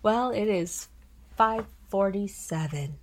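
A woman's voice: mid-range voice, slow, background noise. A woman co-hosting a podcast in casual early-morning chat, sleepy and yawning, laughing often. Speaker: podcast co-host.

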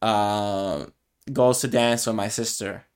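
A young man co-hosting a podcast, speaking reflectively and softly in casual chat, with many fillers and restarts. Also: on the low side, fairly even intonation, takes it slowly, clear, resonant tone. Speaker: podcast co-host.

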